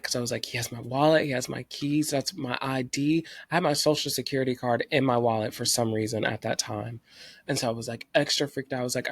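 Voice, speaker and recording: A young man from North Carolina tells a story from his own life. He acts out what he was thinking at the time, with his voice at a middle pitch for a man. The sound is close and dry, with no room echo. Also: fairly quick. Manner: animated retelling, acting out his own past thoughts. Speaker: vlogger. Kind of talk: personal storytelling.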